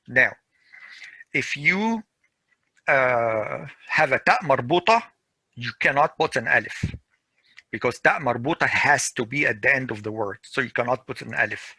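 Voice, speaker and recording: A middle-aged man teaching a grammar class over a video call, repeating each example slowly and patiently. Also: medium pitch, sharp tone, slightly rough, no echo. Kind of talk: online class lecture.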